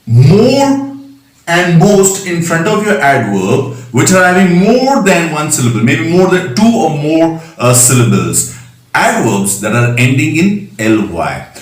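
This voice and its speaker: A man teaching a recorded grammar lesson, patiently spelling out letters and checking in with "right?". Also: a little high. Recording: echoey room, mic at a distance.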